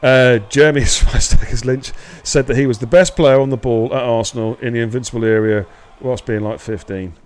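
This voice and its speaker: A man's voice: medium pitch, fairly even intonation, a little fast, few pauses, clean tone. Male co-commentator, English, casual banter, jokey. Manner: joking, chatty banter with co-host. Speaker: sim racing commentator. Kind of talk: casual live stream commentary.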